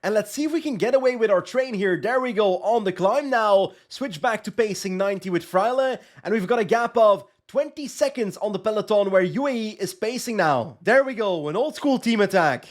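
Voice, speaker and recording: A man's voice: high voice, fairly quick, hardly any pauses. A young man giving live commentary on a cycling management game, getting worked up and pleading with his riders at tense moments. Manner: excitable, shouts and pleads at close finishes. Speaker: gaming YouTuber.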